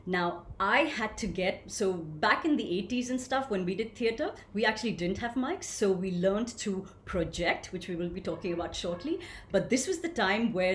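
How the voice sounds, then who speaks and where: A woman leading an online voice workshop, telling stage stories and reading out participants' comments in an animated, engaging way. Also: medium pitch. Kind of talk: interactive webinar talk. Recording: echoey room with faint ambient noise.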